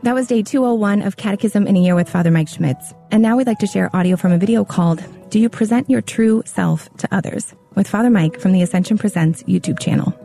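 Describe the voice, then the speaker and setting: A woman reading a brisk, polished scripted podcast announcement. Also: medium pitch, gravelly, mellow, faint music behind.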